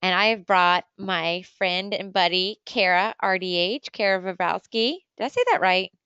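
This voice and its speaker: A woman hosts a casual podcast chat, teasing and talkative, with quick rushes of words. Her voice is smooth and resonant. The close mic sounds dry, with no room around her. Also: lowish voice, fairly even intonation, pushed and bright, no room sound, muffled recording. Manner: chatty, teasing, quick bursts of talk. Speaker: podcast host.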